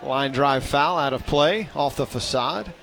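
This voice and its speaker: A man's voice: mid-range voice, unhurried, gravelly, fairly bright tone, a little hiss or hum. A man calling a baseball game play-by-play, chatty and self-deprecating, lifting his voice on big plays. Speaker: play-by-play announcer.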